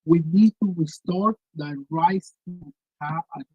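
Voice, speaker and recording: A man, a contract worker and father, giving an earnest, halting rally speech with repeated words and fillers. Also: on the high side, breathy edge, lo-fi sound.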